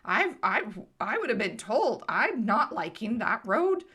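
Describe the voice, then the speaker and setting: A woman voicing a timid, simple pony who talks in halting, rambling bursts. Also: fairly high pitch, sing-song, sharp tone, husky, exaggerated voice. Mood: plaintive.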